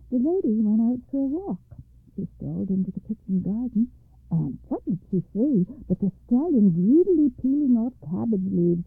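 Gravelly woman narrating a fairy tale. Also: mid-range voice, no echo. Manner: measured, expressive storytelling. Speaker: radio storyteller and host. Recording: dry, tinny phone-like radio sound.

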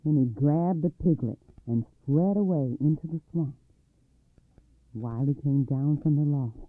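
A man's voice: a little high, measured pace, dry recording. A man narrating a folk tale for a radio storytelling program, reading expressively and dramatically. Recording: dry, tinny phone-like sound.

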